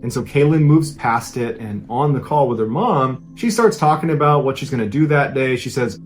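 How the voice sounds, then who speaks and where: Male podcast host, relaxed conversational true-crime narration, mid-range voice, soft music bed. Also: medium pitch, normal speed, few pauses. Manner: conversational, casual retelling.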